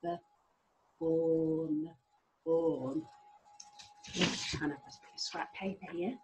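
A middle-aged woman teaching a phonics lesson to young children, sounding out letters slowly with a sing-song, encouraging manner. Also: low voice, slightly rough, low-quality recording. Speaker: primary school teacher.

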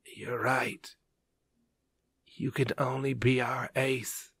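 A man voicing a dying young swordsman who speaks softly and tenderly. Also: mid-range voice, steady tone, takes it slowly, heavily acted. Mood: hushed. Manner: soft, hushed and breathy. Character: dying young male swordsman, gentle and loving.

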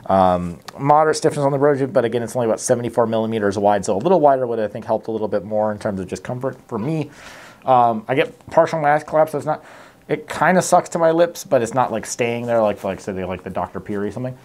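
A man talks through his test results in an easygoing, unscripted way. His pitch sits in an ordinary middle range. He often stops to correct himself and reads out numbers plainly. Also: fast talker, a little mellow. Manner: rambling, self-correcting, many fillers. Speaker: mask tester reviewing products. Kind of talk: casual product review to camera.

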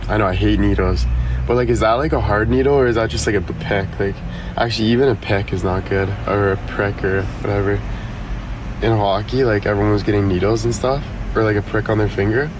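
Young man, from Canada, rambling live-stream chat, joking, lots of fillers, fairly low voice, street traffic clearly behind. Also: fairly even intonation, fairly quick.

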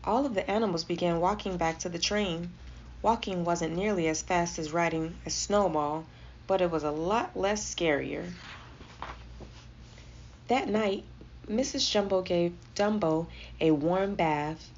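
A woman reading a children's storybook aloud with expressive, gentle storytelling. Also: on the low side, unhurried. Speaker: storybook reader. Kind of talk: children's read-aloud narration. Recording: slightly dull lo-fi audio with faint noise.

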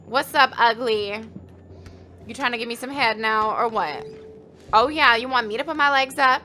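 Loud crude gamer girl yelling at a horror game, high swoopy bright voice. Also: normal speed, slight background noise. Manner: brash, profane, bantering. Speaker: gaming streamer. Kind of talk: crude casual let's-play commentary.

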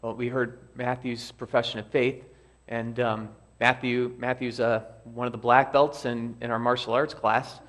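A man's voice: mid-range voice, normal speed. Man preaching a sermon, earnest. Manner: earnest, reads quoted lines with lively emphasis. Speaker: pastor. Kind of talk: sermon with a read-aloud story. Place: church sanctuary.

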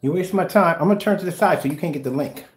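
Speaking very fast in a fairly high voice, a man hosts a casual livestream about DIY projector screen paint. He replies to viewer comments in a brash, teasing way, trash-talking his audience and then pretending to soothe them.

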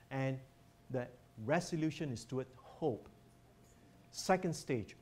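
A man's voice: mid-range voice, darkish tone. A man presenting a teaching workshop as a professor, earnest and emphatic as he guides listeners through slides.

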